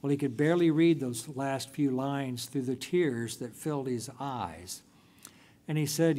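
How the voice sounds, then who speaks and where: Slow, deliberate male preacher. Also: medium pitch, warm tone. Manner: slow, deliberate storytelling with drawn-out phrases. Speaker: pastor. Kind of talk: sermon.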